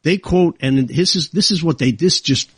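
Heated, husky talk radio host. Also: male voice, on the high side, moderate pace, no echo. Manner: heated, indignant, rising to outbursts. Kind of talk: opinionated talk radio monologue.

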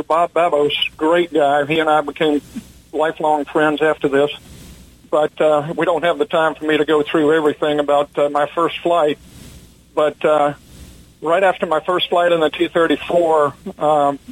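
An older man, a retired pilot, telling long stories in a relaxed, rambling way with many fillers, as an interview guest. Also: a little high, rough recording. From United States. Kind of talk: casual storytelling interview.

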